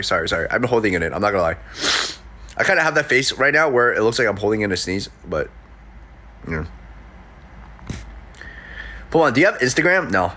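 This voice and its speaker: A man's voice: medium pitch, fairly bright tone. Sniffly, playful young man streaming live. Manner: playful, jokey, reacting to comments. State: sniffly with a cold. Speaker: livestreamer reading chat. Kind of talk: casual livestream chat. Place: his room in an apartment. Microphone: desk mic.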